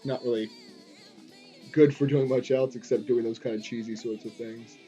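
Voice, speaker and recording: A man draws on a live stream and chats casually, rambling with many fillers and restarts over faint guitar music. His voice is medium-pitched, steady and dark at a moderate pace, and the audio sounds dull.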